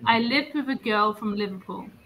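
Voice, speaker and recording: A woman's voice: mid-range voice, normal speed, a bit bright, slight background noise, poor audio. A young woman from northern England with a neutral English accent, chatting casually as an English tutor on a video call and laughing often.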